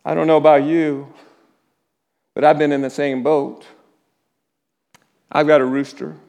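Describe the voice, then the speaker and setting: High-voiced pastor preaching slowly, hushing often. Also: male voice, level tone, gravelly. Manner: halting restarts, drops to a hush at solemn moments. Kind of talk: sermon. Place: church.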